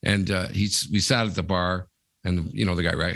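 Gravelly-voiced man rambling through a story. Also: deep voice, fast, a bit bright, dry recording, studio quality. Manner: rambling storyteller, many fillers. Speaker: podcast co-host. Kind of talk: casual chat.

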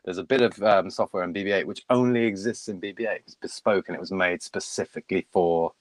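A man's voice: low-pitched, quick pace, dry recording. A middle-aged man, a puppeteer, chatting enthusiastically on a video call from his home loft. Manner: chatty, enthusiastic, self-deprecating. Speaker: puppeteer guest. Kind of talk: casual interview on video call.

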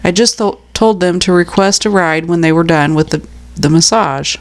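A woman's voice: fairly low pitch, normal speed. A woman co-hosting a podcast, reading out stories in a casual way and laughing often. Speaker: podcast co-host. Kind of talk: casual storytelling chat.

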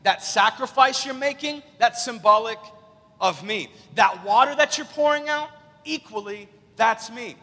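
Loud declaiming zealous man, put on by a male preacher, husky, hall reverb. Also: very high-pitched, a little slow, pitched above the performer's own voice, heavily acted. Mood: proclaiming. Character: fervent adult male teacher proclaiming himself. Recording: long church hall reverb.

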